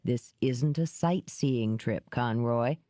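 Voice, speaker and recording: A woman reading an audiobook, voicing a gruff, wary man who talks in curt, dry lines. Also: medium pitch, slow pace, mellow, dry recording, pitched below the performer's own voice, natural voice.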